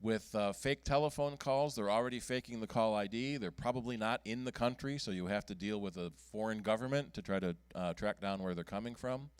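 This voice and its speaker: A man presenting at a computer club meeting, speaking in a low, smooth, resonant voice. He talks casually and halts often, filling gaps with ums and restarting his sentences. The sound is dry and close. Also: dry recording. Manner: halting, many ums and restarts. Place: meeting room.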